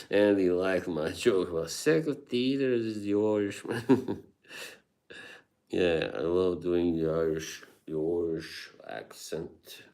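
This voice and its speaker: A man's voice: sits low, slow pace, vocal fry, a little mellow. A man hosting a livestream, chatting casually with viewers and laughing often between remarks. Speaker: livestream host reading chat.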